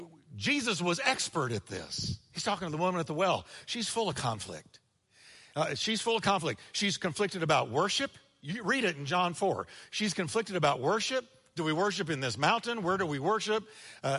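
A male pastor preaching a sermon, swinging between energetic delivery and hushed asides, acting out quoted lines. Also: high voice, husky, in a large hall. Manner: energetic preaching with sudden drops to quiet, acted-out quotes. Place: church sanctuary.

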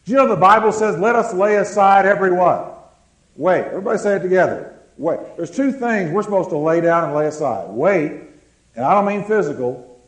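A man preaching a sermon, calling on the congregation to answer and slowing down to stress words. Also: a little high, lively intonation, reverberant, poor audio. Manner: preaching with call-and-response, slowing words for emphasis. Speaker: pastor.

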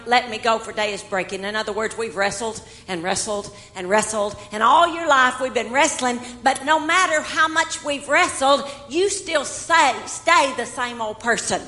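Older lady preaching, bright voice, acts out the bible bits, echoey hall. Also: fairly high pitch. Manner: expressive, acting out scripture quotes with rising intensity. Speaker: guest preacher. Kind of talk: sermon. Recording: hall reverb.

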